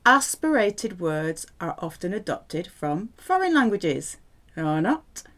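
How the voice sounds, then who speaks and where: Slow, lively woman teaching French. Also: fairly low pitch. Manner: lively, clear teaching delivery with playful asides. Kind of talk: language lesson.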